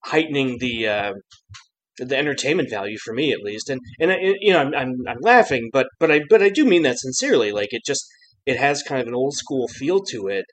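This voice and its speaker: A man in easy podcast chat, rambling through his thoughts with many restarts and little laughs. His voice sits at an ordinary middle pitch. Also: lively intonation, brisk, rough recording. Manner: rambling, self-interrupting, laughs often. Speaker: podcast co-host. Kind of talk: casual chat about a cartoon episode.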